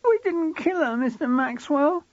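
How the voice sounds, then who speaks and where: A man's voice: very high-pitched, animated, measured pace, dry recording, dull audio, pitched above the performer's own voice. A man voicing a frightened, sullen teenage schoolboy who whines and stammers. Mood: tearful. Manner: whiny, panicky, stammering.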